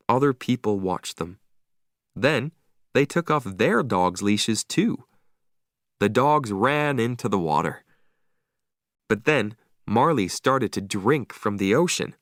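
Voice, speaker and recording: A man reading a story aloud slowly and clearly for English learners, with expressive delivery. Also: fairly low pitch, dry recording, studio quality. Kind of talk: slow read-aloud story narration.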